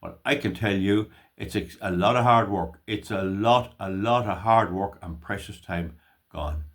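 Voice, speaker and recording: A man's voice: low-pitched, unhurried. An older Irish man giving emphatic, opinionated political commentary in a vlog. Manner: emphatic, opinionated ranting delivery.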